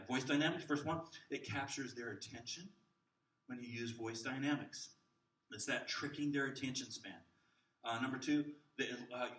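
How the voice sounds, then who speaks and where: Animated man teaching in an echoey room. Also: mid-range voice, a little hiss or hum. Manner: animated, swings between loud bursts and soft near-whispers to demonstrate. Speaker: children's ministry trainer. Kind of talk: classroom teaching talk. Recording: roomy echo, mic at a distance.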